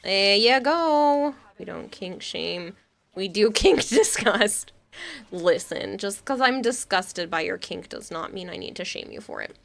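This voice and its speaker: Woman, game streamer, bright clear tone, casual rambling chat, frequent laughs. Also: mid-range voice, animated, a little slow. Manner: chatty, rambling, laughs often while reading chat.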